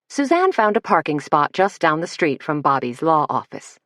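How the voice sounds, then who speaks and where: A woman narrating an audiobook in a measured storytelling manner. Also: sits low, sing-song, a bit bright, dry recording, clean studio sound. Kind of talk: scripted narration.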